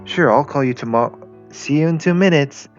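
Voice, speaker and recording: A man's voice: a little high, fairly quick, pitched above the performer's own voice, close to an everyday voice. A man voicing a young female Soviet tank girl with a Russian accent, teasing, creepy and doting. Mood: eager. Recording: lo-fi with faint music.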